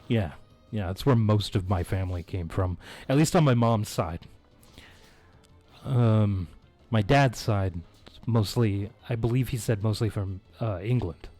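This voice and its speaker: A man's voice: lowish voice, darkish tone. A man chatting casually on a live game stream, joking crudely and laughing often.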